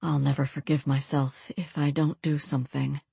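Give me a panicked young man muttering to himself, as a woman reads him, her voice dropped a little lower and kept quiet and tight. The sound is dry and close to the mic. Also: little pitch movement, normal speed, vocal fry, slightly rough, no echo, exaggerated voice. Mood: frightened.

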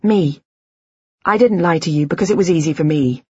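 A woman's voice: fairly low pitch, moderate pace, a little mellow, slightly rough, no echo, dull audio. A woman reading the lines of a desperate middle-aged husband, pleading through tears in an audiobook. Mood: intense, insistent. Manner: pleading, emotional.

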